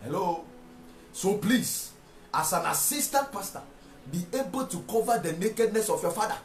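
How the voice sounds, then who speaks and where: A man preaching a sermon, repeating phrases and rising to shouted rhetorical questions. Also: sits high, lively intonation, normal speed. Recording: echoey room with faint music.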